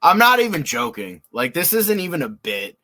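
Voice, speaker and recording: Excitable, bright-voiced man. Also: fairly high pitch, normal speed. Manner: excitable, swears a lot, lots of filler words and laughs. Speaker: podcast host. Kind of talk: casual reaction commentary.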